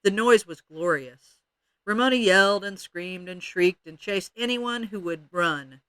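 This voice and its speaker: A man's voice: high-pitched, bright, forceful tone, clean tone, no echo. A man expressively reading a children's chapter book aloud. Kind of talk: read-aloud storytelling.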